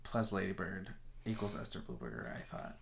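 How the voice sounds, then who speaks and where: A woman's voice: very deep voice, big pitch swings, fairly quick, vocal fry, slight background noise. A woman chatting casually about a movie, quoting scenes in playful voices.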